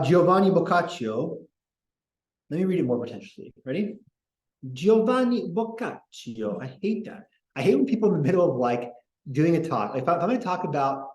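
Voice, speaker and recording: A man's voice: on the high side, a little mellow. A man hosting a casual history podcast, reading quotes aloud with opinionated, digressive asides. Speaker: podcast host. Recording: echoey room.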